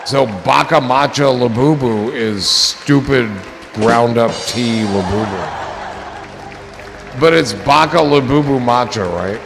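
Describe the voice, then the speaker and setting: A man's voice: medium pitch, slow pace, gravelly, in a large hall, music in the background. A man chatting casually on a livestream, joking and rambling and swearing freely.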